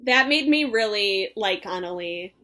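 A woman's voice: mid-range voice, expressive, measured pace, pushed and bright. A young woman co-hosting a casual chat, retelling reality show scenes in a chatty way, laughing often and swearing now and then. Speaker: podcast co-host.

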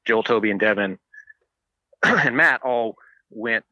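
A man's voice: on the low side, slow, sharp tone, no room sound, highs cut off. A man who plays in a band, a podcast guest telling stories in a dry, sarcastic way. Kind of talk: casual interview chat.

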